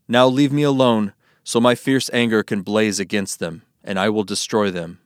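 A man's voice: fairly low pitch, steady tone, moderate pace, no echo, clean studio sound, lightly acted. A man voicing God as a stern, wrathful divine figure in a solemn Bible reading.

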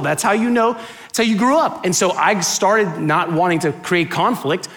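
A man in his thirties or forties from the United States, telling funny stories in a chatty, animated talk to a live, clapping audience. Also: sits high, moderate pace. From United States (Miami). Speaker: speaker giving a talk.

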